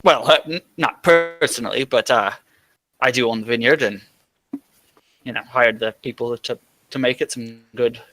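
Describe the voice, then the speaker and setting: A man role-playing at a tabletop game, talking hesitantly with many pauses. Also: medium pitch, bright, forceful tone, soft background music, rough recording. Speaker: player.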